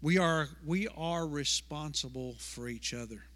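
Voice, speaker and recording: A male pastor's sermon fills a church sanctuary with long reverb as he speaks, unhurried, in a slightly high, somewhat bright voice. He delivers it emphatically, with repeated words and rhetorical questions.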